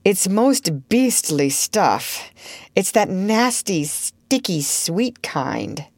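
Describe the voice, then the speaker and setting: A woman's voice: on the low side, sing-song, a little slow, no echo. A woman reading a storybook aloud, voicing a proud, childish middle-aged father who blusters and sulks, in a dry close recording. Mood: pompous. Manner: blustering and self-pitying.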